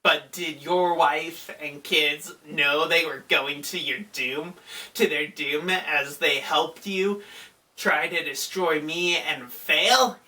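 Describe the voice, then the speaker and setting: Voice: mid-range voice, fairly even intonation, slow pace, sharp tone, recorded from a distance, pitched below the performer's own voice. A video recapper voicing a cold, mocking male demon lord who taunts his enemy. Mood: sneering.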